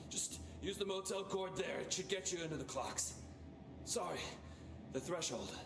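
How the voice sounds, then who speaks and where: Game role: stubborn wounded agent, gruff and wry, echoey audio. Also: male voice, high voice, measured pace, over music.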